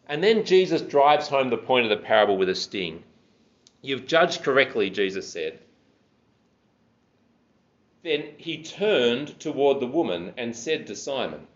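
A man's voice: medium pitch, expressive, a little slow, muffled recording. A man preaching a sermon, explaining scripture verse by verse and stressing key words.

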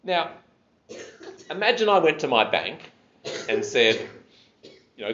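A man's voice: fairly high pitch, sing-song, takes it slowly, pauses often, a bit bright, muffled recording, slight background noise. A man preaching a sermon, explaining scripture verse by verse and stressing key words.

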